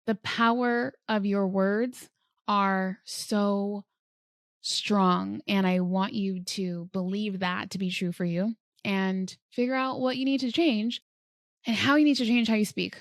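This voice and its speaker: A woman hosts her own podcast in a relaxed, chatty way, sprinkling her speech with fillers. Her voice sits at an ordinary middle pitch. The sound is dry and close, with no room echo. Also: takes it slowly. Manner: chatty, frequent "like" fillers, earnest. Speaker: podcast host. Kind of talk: casual solo podcast talk on manifesting.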